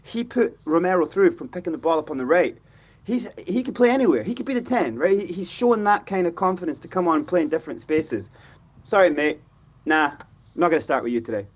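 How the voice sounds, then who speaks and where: A high, husky-voiced man talks football on a fan panel. He is animated and mimics players' voices as he makes his points. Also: fast talker. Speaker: fan pundit. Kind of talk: football fan show discussion.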